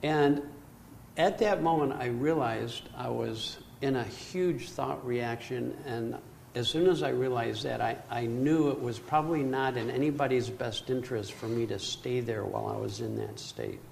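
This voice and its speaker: Older guy, gravelly voice, animated storytelling, faint hiss behind. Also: mid-range voice, normal speed. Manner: animated storytelling that acts out its own panic. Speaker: speaker telling a personal story. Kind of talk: storytelling talk.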